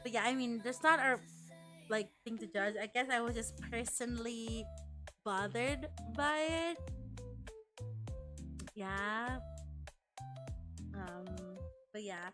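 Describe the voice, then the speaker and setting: Speaking slowly and pausing often, a young woman from the Philippines chats casually as a streamer, with music in the background. Her voice is fairly high, and she's talkative, swears heavily, restarts lines, and acts out quotes.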